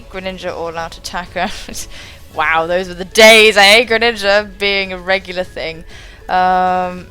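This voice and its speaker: Lively woman calling a live game. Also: fairly low pitch. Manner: excitable, swears casually, thinks aloud. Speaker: gaming channel host.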